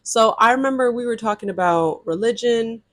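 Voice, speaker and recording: A young woman casually telling a personal story to her followers, chatty and animated, filling her talk with "like". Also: a little high, moderate pace. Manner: chatty and animated, with heavy use of "like" and reenacted dialogue. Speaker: storytime vlogger.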